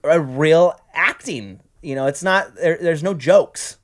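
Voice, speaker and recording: Woman podcast co-host from Idaho, low voice, playful and rambling, full of "like", studio chat. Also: slow pace. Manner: playful, rambling, heavy use of "like". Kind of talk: casual chat.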